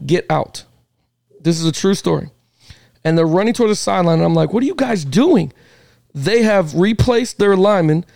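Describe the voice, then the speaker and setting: A man hosting a casual coaches' roundtable podcast, telling stories excitedly and joking along the way. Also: high voice, creaky, dry recording, clean studio sound. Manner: excited storyteller, jokey asides. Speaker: podcast host.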